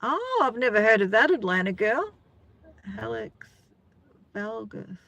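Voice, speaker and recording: Gravelly, bright-voiced Australian woman. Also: a little high, very animated, unhurried. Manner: chatty, rambling, greets viewers by name. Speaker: livestream host. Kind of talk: casual live-stream chat reading viewer comments.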